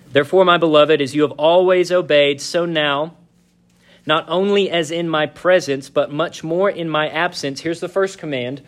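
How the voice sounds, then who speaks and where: A male pastor preaching a sermon, reading scripture slowly and leaning on key words. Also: a little high.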